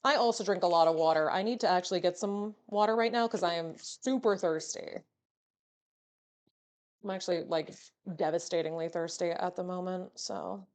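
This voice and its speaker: A woman's voice: lowish voice, moderate pace. A young woman streaming live, chatting casually with her viewers in a playful, teasing way and swearing freely.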